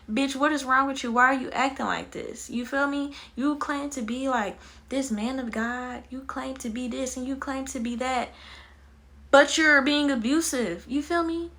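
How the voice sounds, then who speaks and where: A young woman vlogger telling her own story candidly, animated, blunt and swearing freely. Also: a little high. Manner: animated, blunt and profane, many fillers.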